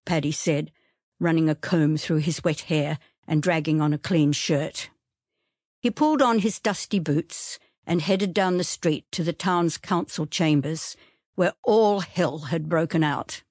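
Audiobook narrator, woman, low-ish voice, steady storytelling, dry close-miked read. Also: no echo.

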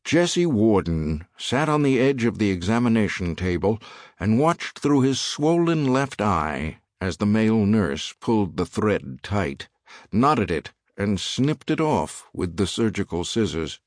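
A man narrating an audiobook in a measured, expressive reading style. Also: fairly low pitch, no room sound, clean studio sound. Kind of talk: scripted narration.

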